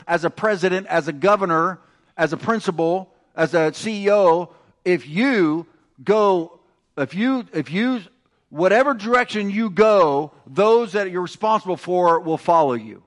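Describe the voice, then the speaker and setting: A man's voice: a little high, fairly bright tone. A man pastor preaching an emphatic sermon, calling on the congregation to repeat phrases after him. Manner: emphatic, calls for congregation responses.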